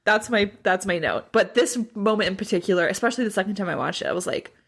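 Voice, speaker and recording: A woman co-hosts a podcast in casual chat, her pitch leaping up and down. She is emphatic and quick to agree, acting out the characters' lines in quotes. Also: expressive, gravelly. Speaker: podcast co-host. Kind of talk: casual chat recapping a TV episode.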